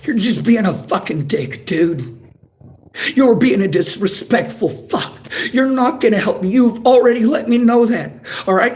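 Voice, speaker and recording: A man's voice: high-pitched, lively intonation, measured pace, a little mellow, a little hiss or hum. A worked-up man streaming from a library, repeating himself in an angry, profane rant at his chat. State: agitated, worked up.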